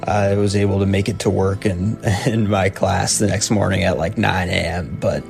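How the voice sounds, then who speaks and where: Young guy w a gravelly low voice, halting story w nervous laughs, faint music behind. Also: steady tone, a little mellow. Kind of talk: casual personal story.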